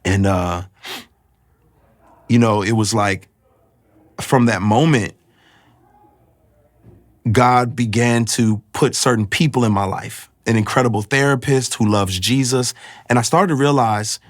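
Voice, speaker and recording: A man telling his personal faith testimony in a reflective, halting, emotional way. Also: mid-range voice, no room sound, clean studio sound. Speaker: guest sharing his testimony.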